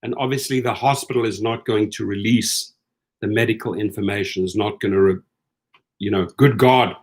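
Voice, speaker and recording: At a normal speed and in a lowish voice, a middle-aged rideshare commentary host delivers a casual, incredulous rant. He's animated, performing the quoted lines of the people he talks about.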